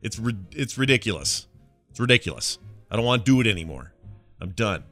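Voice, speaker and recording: Guy cohosting a podcast, bright forceful voice, annoyed and joking, faint music behind. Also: lowish voice, very animated, fairly quick. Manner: exasperated ranting, joking. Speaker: podcast co-host. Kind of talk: casual chat.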